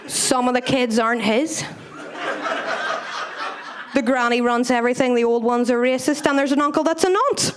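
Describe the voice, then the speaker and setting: A woman's voice: on the high side, normal speed, long pauses, crowd noise. Chatty, profane woman doing stand-up. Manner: chatty, profane, self-mocking, laughing at her own lines. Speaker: stand-up comedian. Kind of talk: stand-up comedy set. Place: comedy club stage.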